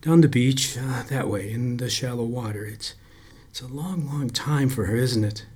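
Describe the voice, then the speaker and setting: A man voicing a weary, shaken middle-aged lifeguard who speaks in a halting, half-whispered hush, as in a read-aloud story. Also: mid-range voice, breathy edge, close to an everyday voice.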